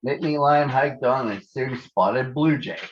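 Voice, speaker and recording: A man reading a children's storybook aloud in a gentle storytelling manner, on a dull lo-fi recording. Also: mid-range voice, unhurried. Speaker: storybook reader. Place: outdoors on a hike.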